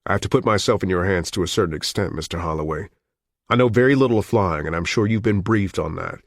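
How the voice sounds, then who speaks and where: A man's voice: sits low, fast, no room sound, studio quality. A man voicing a tense, guarded male hijacker who gives firm, terse orders in an audiobook.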